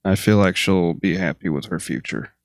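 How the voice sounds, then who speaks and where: A man with a very deep voice, a guest on a casual podcast, answering in short, low-key replies. The sound is dry and close to the mic. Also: moderate pace, no room sound.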